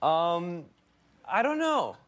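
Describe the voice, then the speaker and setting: A young man, an actor guest, rambling through animated stories with laughter in a casual interview. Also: high-pitched, very slow.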